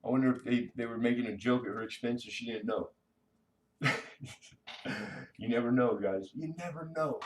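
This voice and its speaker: A man's voice: medium pitch, flat delivery, normal speed, long pauses, darkish tone, recorded from a distance, a little hiss or hum. A man hosting a casual coin-collecting live stream, chatting with viewers in a laid-back, slangy way.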